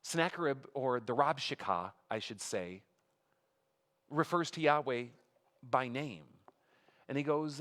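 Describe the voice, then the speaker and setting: A man's voice: medium pitch, big pitch swings, a little slow, long pauses, a bit bright. A man giving a conversational sermon as a pastor, reading scripture aloud with emphatic rises and making asides to the congregation. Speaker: pastor teaching a Bible study. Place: church sanctuary. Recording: long reverb of a hall.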